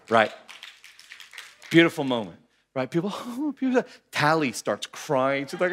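A male pastor telling a story in a sermon, animated, acting out the voices of the people in it. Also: sits high, normal speed, a little hiss or hum. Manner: animated, acts out voices in anecdotes.

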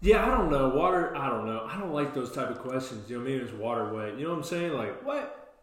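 A man's voice: mid-range voice, lively intonation, fast talker, a bit bright. Hyper jokey man in an echoey church. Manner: hyper and jokey, hyped up on caffeine. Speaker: podcast co-host. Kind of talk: casual chat. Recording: very echoey room.

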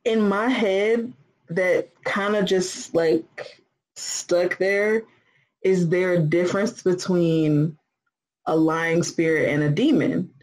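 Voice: mid-range voice, fairly even intonation, takes it slowly, poor audio. A co-host casually talking over scripture, reasoning aloud with fillers and questions. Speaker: podcast co-host discussing scripture. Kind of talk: casual Bible discussion chat.

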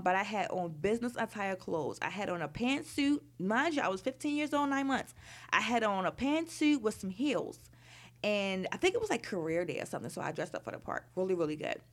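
Candid woman telling her story. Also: mid-range voice. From Baltimore, Maryland. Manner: frank, conversational, heavy use of "like" and "you know". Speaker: storyteller recounting her youth.

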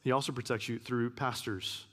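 A man giving a sermon as a guest preacher, earnest, repeating key phrases and sometimes dropping to a hush. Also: mid-range voice, steady tone, normal speed. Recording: long hall reverb.

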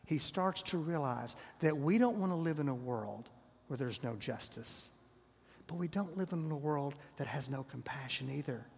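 Male preacher, husky, slightly high voice, storytelling sermon that sinks to near whispers; long hall reverb. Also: animated, moderate pace, a little mellow.

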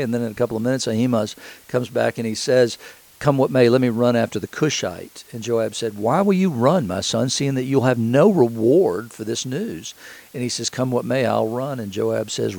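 A middle-aged man giving a sermon, retelling a scripture story in a conversational way with halting restarts. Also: mid-range voice, steady tone, gravelly, darkish tone, low-quality recording.

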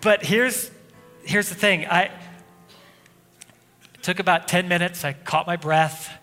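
A pastor preaching a sermon, telling a personal story in a loose conversational way with frequent restarts. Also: male voice, high-pitched, takes it slowly, sharp tone. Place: church sanctuary. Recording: long hall reverb, faint music.

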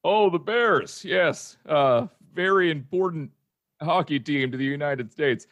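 A man's voice: fairly high pitch, a little slow, a bit bright. A man voicing an overly polite male internet-provider phone rep with an odd put-on accent in an improvised comedy scene. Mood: polite formal.

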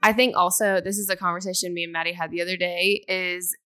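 A woman's voice: lowish voice, little pitch movement, fast, sharp tone, clean tone. A young adult woman co-hosting a podcast, speaking earnestly and casually with lots of filler words. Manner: earnest, rambling, heavy use of "like". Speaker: podcast co-host. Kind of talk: casual chat.

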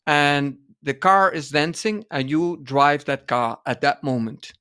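A man co-hosting a dance podcast in casual conversation, often pausing to search for words mid-sentence. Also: fairly high pitch, sharp tone, smooth.

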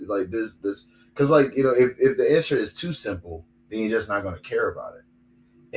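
A young man talks alone on his podcast, circling back and repeating himself, full of fillers and restarts. His voice sits fairly low. A faint hiss runs under the recording. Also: fairly bright tone, poor audio. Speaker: podcast host. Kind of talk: rambling solo podcast monologue.

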